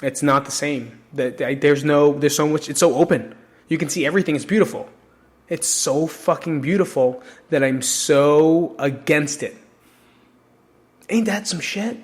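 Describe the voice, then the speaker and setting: A man's voice: a little high, normal speed. Candid, swearing male podcast host. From New Jersey. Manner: candid, emotional and profane, talks straight to listeners. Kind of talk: casual solo podcast monologue.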